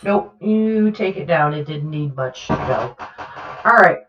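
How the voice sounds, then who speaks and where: Slow-talking woman game master, roomy lo-fi sound. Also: sits low, animated. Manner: unhurried, filler-heavy narration. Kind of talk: narrating a tabletop game. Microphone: online call. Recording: roomy and dull, lo-fi.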